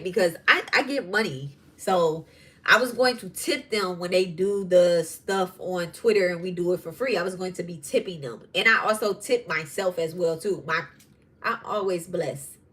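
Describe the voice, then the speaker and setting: A woman hosting a spiritual podcast who tells stories in a casual, animated way, swearing freely. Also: lowish voice. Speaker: podcast host and tarot reader. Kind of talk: casual storytelling monologue.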